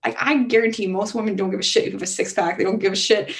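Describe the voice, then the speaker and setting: A young adult woman appears as a guest on a podcast, talking in a casual interview. She's chatty, says "like" constantly and acts out the voices of people she quotes, speaking in a mid-range voice with a steady tone, vocal fry and a racing pace.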